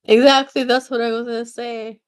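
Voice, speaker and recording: A woman's voice: a little high, flat delivery, a little fast. A woman hosting a casual video, chatting in a rambling way with many fillers. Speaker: video host. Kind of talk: casual chat.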